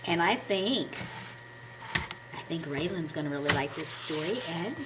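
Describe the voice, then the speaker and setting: A woman with a scratchy voice, hoarse from a cold, hosting a children's puppet show and encouraging the kids as a story is read. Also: sits low, unhurried. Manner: warm, encouraging teacher talk to children. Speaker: puppet ministry host. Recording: steady background noise.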